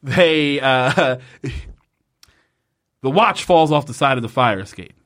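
Animated, fired-up man podcasting. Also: mid-range voice, slow. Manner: animated, swears, gets worked up. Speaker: podcast host. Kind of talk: casual chat recapping a TV episode.

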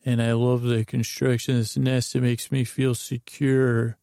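A man's voice: mid-range voice, little pitch movement, unhurried, dark tone, dry recording, clean studio sound, close to an everyday voice. A man doing a smug salesman bird. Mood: smug calm. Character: bird who was a grass salesman, smug and settled.

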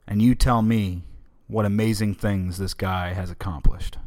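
Low-voiced man hosting a political podcast. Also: fairly even intonation, unhurried, darkish tone. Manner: opinionated, conversational, emphatic. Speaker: podcast host.

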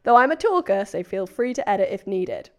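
A woman's voice: mid-range voice, big pitch swings, fairly quick. A woman co-hosting a podcast, reading a listener's story aloud in a chatty, playful way and breaking off to joke. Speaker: podcast co-host.

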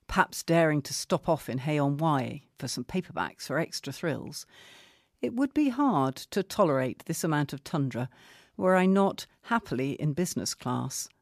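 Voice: mid-range voice, no echo, clean studio sound. A presenter giving a wry comment and then reading a newspaper article aloud.

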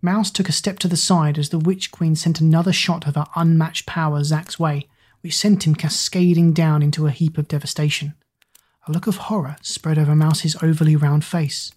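A woman narrating a dramatic fantasy story aloud in a steady, dramatic way. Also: deep voice, normal speed. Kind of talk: storybook reading.

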